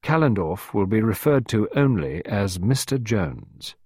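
A man reading aloud and voicing a self-important government official husband who speaks gravely and solemnly about secrets. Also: fairly low pitch, very animated, normal speed, dry recording, clean studio sound, full character voice.

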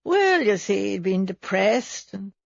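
A woman's voice: mid-range voice, big pitch swings, slow, creaky, no room sound, full character voice. A woman voicing a plain-spoken male village police sergeant with a homely, apologetic, colloquial manner. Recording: slightly dull recording.

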